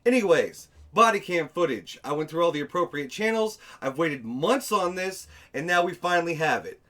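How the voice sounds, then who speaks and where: A man's voice: a little high, animated, normal speed, sharp tone. A man hosting a commentary video, talking in a sarcastic, exasperated way and swearing now and then. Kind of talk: casual commentary over footage.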